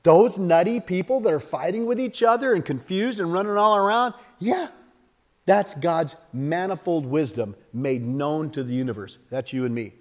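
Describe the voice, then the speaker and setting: A man preaching a sermon with lots of energy, acting out little scenes and jumping up and down in pitch and loudness. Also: moderate pace, long reverb tail. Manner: animated, acts out little scenes with sudden jumps in pitch and volume. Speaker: pastor.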